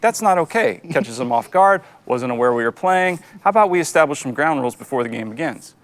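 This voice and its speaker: A man's voice: medium pitch, fairly quick. A man co-hosting a church show, delivering a comedic, exasperated rant. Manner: animated, exasperated ranting.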